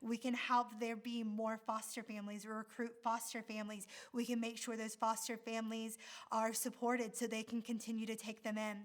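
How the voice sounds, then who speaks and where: A woman's voice: fairly high pitch, completely flat delivery, normal speed. A woman from the United States, a missionary speaker, telling a story in a sermon in an earnest, heartfelt way.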